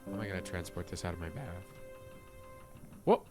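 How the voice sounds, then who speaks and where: Man muttering through a puzzle game, lively pitch. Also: fairly quick, over music. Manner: thinks aloud, muttering and trailing off; sudden excited gasps and exclamations. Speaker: streamer. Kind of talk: casual gameplay commentary.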